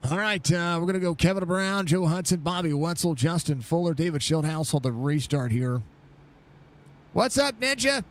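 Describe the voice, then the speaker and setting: A man's voice: a little high, fairly quick, few pauses. Chatty male sim racing streamer. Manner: chatty, greets viewers by name between race calls; excited outbursts at crashes. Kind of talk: casual live-stream race commentary.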